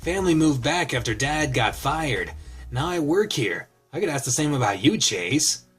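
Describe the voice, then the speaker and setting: A man doing Raven, an easygoing young husky guy. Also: a little high, big pitch swings, moderate pace, soft background music. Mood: friendly. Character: friendly young male husky dog.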